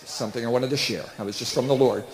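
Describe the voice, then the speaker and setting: A middle-aged man doing stand-up comedy at a church event, telling stories with big animated voices. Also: mid-range voice, rapid-fire. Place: church hall with live audience. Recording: roomy hall reverb.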